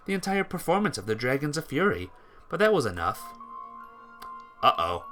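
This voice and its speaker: A man reading a visual novel aloud in a let's play, with lively delivery and occasional stumbles and restarts. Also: fairly low pitch.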